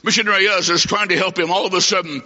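Speaking at a quick pace with a steady tone, a preacher with a bright, forceful, high-pitched voice gives a fiery sermon, alternating emphatic shouts with quiet asides. Long large-hall reverb fills the dull, lo-fi recording.

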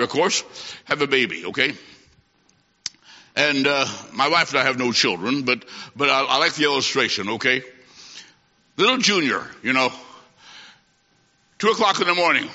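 A man's voice: a little high, bright, forceful tone. A middle-aged man preaching an evangelistic sermon in a folksy way, calling the listener "my friend" and using homespun stories. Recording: dull lo-fi recording with long hall reverb.

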